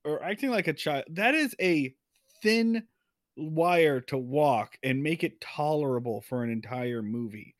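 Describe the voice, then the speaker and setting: Animated man ranting about a movie. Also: on the high side, a little slow, no room sound, studio quality. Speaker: podcast co-host. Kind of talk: casual movie-review chat.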